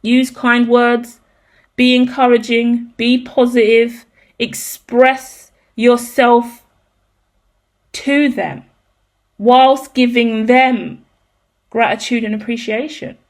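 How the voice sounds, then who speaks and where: A woman with a slightly high voice talks through a tarot reading in a loose, unscripted way. She is emphatic and swears freely, and she often drifts into ranting asides. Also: steady tone, takes it slowly, long pauses. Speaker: tarot reader. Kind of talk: casual tarot reading monologue.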